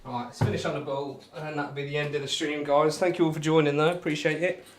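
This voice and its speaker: A man's voice: on the high side, little pitch movement, fast talker, noisy background. A man with a broad Northamptonshire accent chatting casually to viewers on a darts live stream, laid-back and laughing often. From England.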